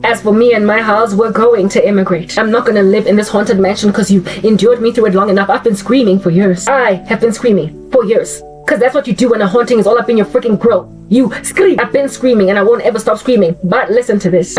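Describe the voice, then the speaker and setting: A woman's voice: medium pitch, darkish tone. A woman giving impassioned religious commentary, fervent and emphatic, often repeating her phrases. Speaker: Christian vlogger. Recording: distant mic with faint music.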